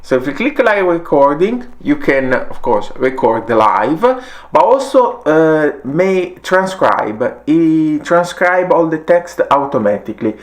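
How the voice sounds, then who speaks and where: Man with an Italian accent, halting. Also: a little high, big pitch swings. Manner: halting, frequent uh fillers, non-native grammar. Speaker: tech reviewer. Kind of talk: casual product demo.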